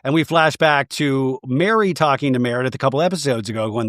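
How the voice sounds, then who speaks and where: A man's voice: mid-range voice, brisk, few pauses, fairly bright tone, no echo, studio quality. A man hosting a comedic reality-TV recap podcast, retelling scenes in a casual, gossipy way. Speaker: podcast host.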